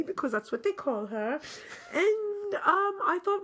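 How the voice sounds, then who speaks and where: A woman with a strikingly high voice that leaps all over the place tells a comic story in character. She is excitable and theatrical, breaking into sudden squeals. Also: slow, hardly any pauses, slightly rough. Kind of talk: improvised comedy chat.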